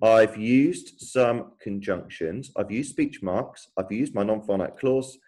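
A man's voice: on the low side, takes it slowly, darkish tone, rough recording. A man, a primary school teacher thinking aloud and explaining as he types a writing lesson for children.

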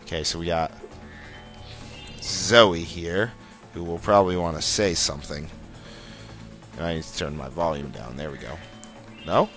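Young male let's-play host, deep pitch with a sharp edge, chatty and self-deprecating. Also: fairly even intonation, moderate pace, long pauses, soft background music. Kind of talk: casual gameplay commentary.

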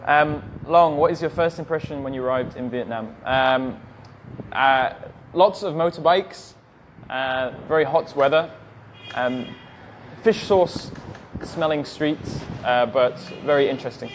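A man's voice: medium pitch, measured pace, a little hiss or hum. A young English man teaching English, reading viewers' questions aloud on a livestream and answering them in a friendly, plain way. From England.

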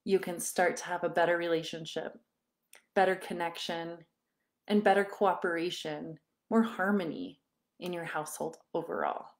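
A woman in her thirties, a parenting coach, leading a live online workshop in a chatty, storytelling way, laughing often and acting out quoted dialogue in lively voices. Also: fairly low pitch, moderate pace.

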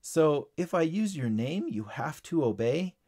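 A man's voice: on the high side, sing-song, a little slow, dark tone. A man voicing an earnest young schoolboy hero in a storybook reading, in an eager, earnest way.

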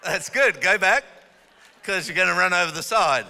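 Bright-voiced male preacher in a reverberant hall. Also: sits high, lively intonation, moderate pace, creaky, a little hiss or hum. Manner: calls the congregation up and has them repeat words; jokey asides, then forceful emphatic preaching. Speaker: guest pastor. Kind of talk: energetic sermon. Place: church auditorium. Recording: long reverb of a large church hall.

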